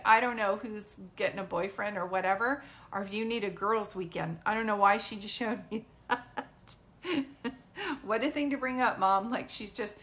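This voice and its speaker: Her voice mid-range and fairly bright at a normal speed, a psychic medium delivers a live-stream reading to a caller. She's chatty and emphatic, rambling with restarts, and the recording quality is low.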